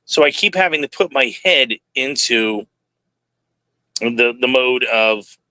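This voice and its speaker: Male streamer, candid rambling monologue, tense bright tone, very dry recording. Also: mid-range voice, animated, slow, no echo. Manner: rambling, candid, talks to himself aloud. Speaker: livestream host. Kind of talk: casual livestream monologue.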